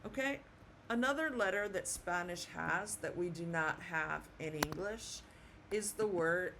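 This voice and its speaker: Slow, patient woman teaching Spanish. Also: mid-range voice, fairly bright tone, a little hiss or hum. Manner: slow, patient, spells out and repeats sounds. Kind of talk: online language lesson.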